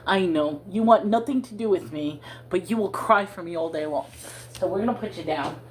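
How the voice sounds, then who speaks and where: This livestream host talks from home into her phone, rambling casually to her audience and chatting with her cat. She has a lowish voice, speaks fairly quickly, and there is slight background noise.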